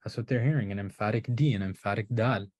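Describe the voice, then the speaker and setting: Speaking quickly in a fairly low, darkish voice, a Qur'an recitation teacher explains pronunciation in a lecture. His delivery involves thinking aloud, restarts and frequent "right?" check-ins.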